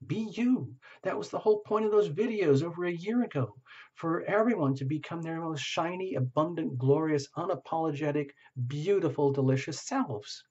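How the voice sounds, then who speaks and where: A man with a husky, breathy voice talks through a tarot reading in an upbeat, encouraging way. He addresses the listener directly and sounds enthusiastic. The recording is a little dull and lo-fi. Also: a little high, normal speed, darkish tone. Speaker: tarot reader. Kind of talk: casual spoken tarot reading.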